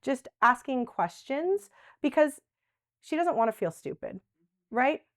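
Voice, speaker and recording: A woman's voice: high voice, very animated, measured pace, fairly bright tone, no echo, clean studio sound. A woman presenting a live dementia workshop, chatty and conversational, often checking in with "right?". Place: workshop room with a live audience.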